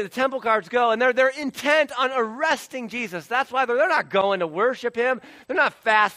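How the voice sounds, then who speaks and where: A male preacher with a bright, forceful tone and a slightly raised voice. He delivers his sermon with big swings, driving some phrases loud and dropping others to a hush. The sound is close and dry, with no room around it. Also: sits high, dry recording. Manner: dynamic delivery swinging from loud emphasis to hushed near-whisper; acts out voices of biblical figures in quotes. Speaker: pastor.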